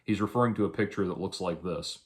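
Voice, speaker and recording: A man, a musician, talking through a casual, rambling monologue to camera, halting often and adding dry sarcastic asides. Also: sits low. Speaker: musician vlogger.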